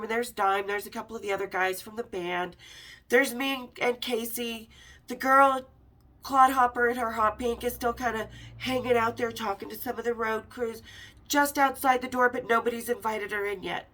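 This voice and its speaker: A middle-aged Las Vegas woman hosts a podcast, telling a personal story with candor, swearing, and acted-out dialogue. Her voice is fairly high, pushed and bright, at a moderate pace.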